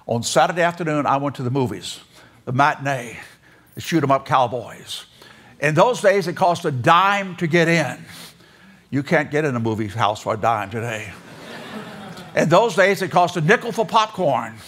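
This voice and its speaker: A man's voice: on the high side, a bit bright. An older man giving a sermon in an auditorium, telling folksy childhood stories and acting out the voices in them. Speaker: preacher speaking in a seminary chapel. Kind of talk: storytelling sermon.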